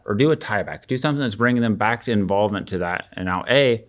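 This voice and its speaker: Male sales coach, low pitch, relaxed and practical. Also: quick pace. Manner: relaxed, practical, acts out short sample questions. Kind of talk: casual explanation of sales technique.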